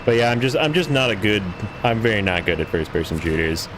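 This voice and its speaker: A man's voice: fairly low pitch, animated, fast, background noise. A man hosting a gaming livestream, chatting casually with viewers in a rambling, self-deprecating way while he plays.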